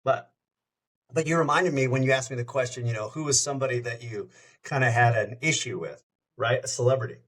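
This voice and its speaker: A man's voice: medium pitch, fairly quick, a bit bright. Middle aged radio guy on a podcast, rambly storyteller, hops between stories. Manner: rambling, jumps between anecdotes. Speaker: radio show host, podcast guest. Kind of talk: casual storytelling chat.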